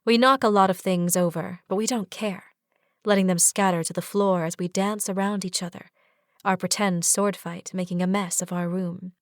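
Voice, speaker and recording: A woman's voice: fairly low pitch, steady tone, moderate pace, dry recording. Dry, close fantasy audiobook narrator woman. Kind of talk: first-person fantasy romance narration.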